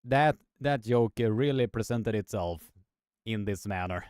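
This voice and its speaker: Slow, smooth-voiced commentator man. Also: darkish tone, dry recording, studio quality. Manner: halting, many fillers and restarts, rises in pitch on the action. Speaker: live arm wrestling commentator. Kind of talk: live sports commentary with chat.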